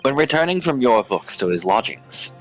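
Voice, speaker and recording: A man voicing an earnest young male defense lawyer, laying out an argument in measured tones. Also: medium pitch, very animated, faint music behind, natural voice, rough recording. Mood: explaining. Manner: measured, explanatory courtroom delivery.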